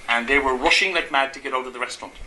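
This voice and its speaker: A man lectures to an audience in an echoey room, with a faint hum of ambience behind him. His voice is very bright and sits a little high. He keeps asking the listeners rhetorical questions and acts out everyday scenes as he teaches. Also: very fast. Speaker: Gestalt therapist giving a talk.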